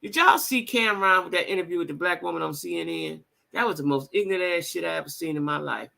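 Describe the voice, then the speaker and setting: A woman hosting a casual livestream chat, talking to her viewers in a blunt, animated and profane way, with repeated exclamations. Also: fairly low pitch, fast, vocal fry. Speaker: livestream host reading viewer comments.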